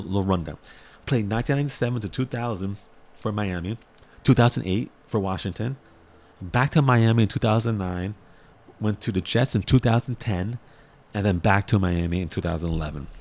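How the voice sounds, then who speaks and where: A man giving casual, excitable sports commentary in a vlog, rambling and repeating his words as he gets worked up. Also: fairly low pitch, a little hiss or hum.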